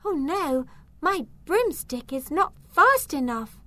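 A woman voicing a spirited little girl witch who is quick to cry out. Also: high voice, very animated, sharp tone, dry recording, pitched above the performer's own voice, full character voice. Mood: dismayed. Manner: exclaiming, indignant. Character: plucky little girl witch, easily upset.

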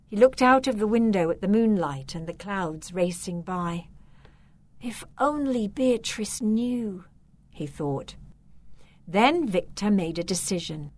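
Female storybook narrator: slow, expressive, measured. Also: lowish voice.

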